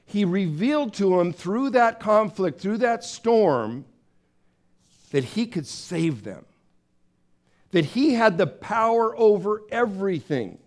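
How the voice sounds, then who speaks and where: A man preaching a sermon in a conversational, storytelling way, acting out voices with big swings of pitch. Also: lively intonation, slow pace. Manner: conversational, with fillers and restarts. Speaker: pastor.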